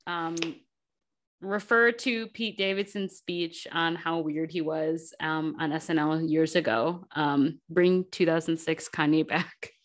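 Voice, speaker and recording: A woman co-hosting a casual podcast, easygoing and full of short replies and fillers. Her voice sits a bit low for a woman. She talks in a loose, unhurried way. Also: fairly even intonation. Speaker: podcast co-host. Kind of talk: casual chat.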